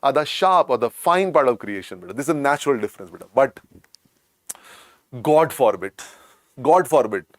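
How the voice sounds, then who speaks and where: A man with an Indian accent and a croaky voice teaches an online medical lecture, repeating points and coaxing students. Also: medium pitch, expressive, normal speed, pauses often, no room sound, clean studio sound. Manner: repetitive, coaxing, calls students "beta".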